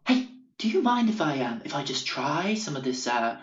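A man's voice: fairly high pitch, very animated, moderate pace, echoey room, muffled recording. A man voicing an effusive, overly earnest hippie raw-food regular who gushes with gratitude. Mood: gushing. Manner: gushing, overly friendly.

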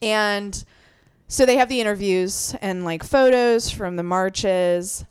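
A woman's voice: medium pitch, takes it slowly, smooth, no room sound. A woman co-hosting a podcast in casual chat, reading out news items and laughing often with her co-host.

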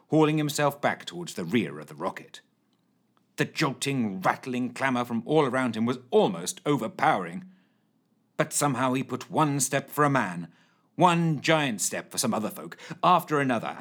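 Storyteller reading an adventure, super animated pitch swings, playful. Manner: dramatic, voices many characters. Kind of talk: lively storybook narration.

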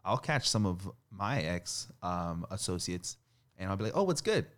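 Low-voiced chatty male host. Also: measured pace, a bit bright. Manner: chatty, laughs easily, asks rambling questions. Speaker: podcast host. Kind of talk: casual interview questions.

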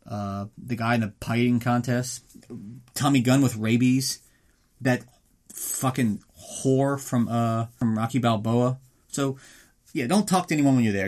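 Profane, sarcastic man recapping a movie. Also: mid-range voice. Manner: sarcastic, profane, does quick mock voices for characters; reads a mock ad in an upbeat announcer tone. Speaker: podcast host recapping a film. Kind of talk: casual comedic recap.

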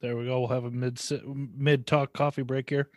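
A man's voice: mid-range voice, level tone, normal speed, no echo, studio quality. A man hosting a casual chat, joking bluntly and swearing freely. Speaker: podcast host.

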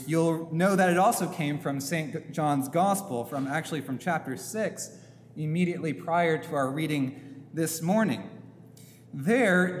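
A man preaching a sermon as a priest in a church, slow and emphatic, posing rhetorical questions. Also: a little high. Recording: long church reverb, faint hum.

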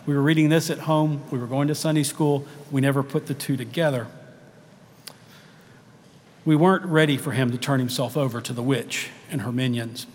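A man's voice: medium pitch, steady tone, moderate pace, a little mellow. Reflective male pastor in a reverberant church. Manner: reflective, personal storytelling. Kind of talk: sermon. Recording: long reverb of a church hall.

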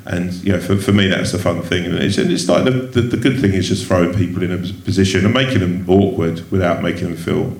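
A man with a very low voice chats loosely on a theatre stage. He rambles and restarts his sentences and pokes fun at himself. The sound carries a roomy live-theatre echo. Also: fast talker, gravelly, hardly any pauses, darkish tone. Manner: rambling, self-deprecating, many restarts. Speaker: guest comedian. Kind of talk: casual stage interview. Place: theatre stage before an audience.

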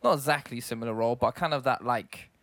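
A man's voice: medium pitch, fast, no echo. Chatty young man, dry sound. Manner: animated, chatty, uses slang. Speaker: podcast co-host. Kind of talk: casual chat.

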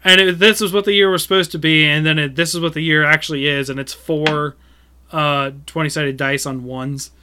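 A man's voice: on the high side, steady tone, fairly quick, pushed and bright, clear, resonant tone. A man hosting a casual gaming podcast, chatty, with lots of fillers and laughs. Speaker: podcast host. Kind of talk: casual chat.

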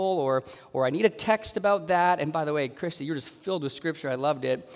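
A fairly high-voiced male pastor preaching with lively energy, acting out the voices of the people in his congregation. His voice rings with a long reverb in a large church hall. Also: fairly quick, hardly any pauses. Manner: animated, acts out congregants' voices. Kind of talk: sermon.

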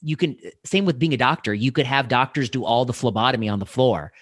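A man who hosts a casual conversation about medical training, animated and full of fillers and restarts. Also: mid-range voice, brisk, no room sound, clean studio sound.

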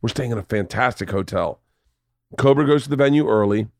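A man's voice: mid-range voice, expressive, fairly quick, darkish tone, no room sound, studio quality. A man hosting a podcast, telling stories in casual chat, swearing freely and acting out the voices of people in his stories. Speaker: podcast host.

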